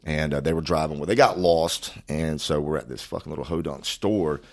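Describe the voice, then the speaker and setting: A man's voice: a bass voice, a little fast, gravelly. A man, a podcast guest telling a story casually, profane and rambling with lots of fillers.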